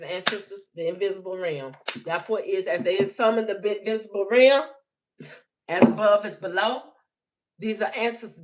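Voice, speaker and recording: A woman's voice: medium pitch, low-quality recording. Blunt, emphatic woman on a spiritual livestream. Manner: emphatic, repetitive, blunt and profane. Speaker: spiritual message reader.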